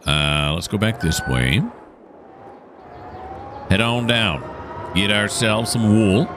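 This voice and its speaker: Deep-voiced man rambling over gameplay. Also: expressive, takes it slowly, noisy background. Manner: rambling self-talk, chatting to the game animals. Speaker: gaming channel host. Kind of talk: casual gameplay commentary.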